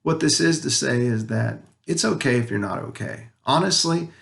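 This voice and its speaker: A man sharing a heartfelt personal story about his son and his faith, talking earnestly with pauses and restarts, at times emotional. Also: medium pitch, lively intonation, vocal fry, fairly bright tone. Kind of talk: personal spiritual reflection to camera.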